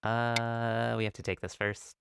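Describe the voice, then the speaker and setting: A man giving a relaxed, encouraging online go lesson, with a playful streak. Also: medium pitch, a little slow, creaky, background noise. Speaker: go teacher.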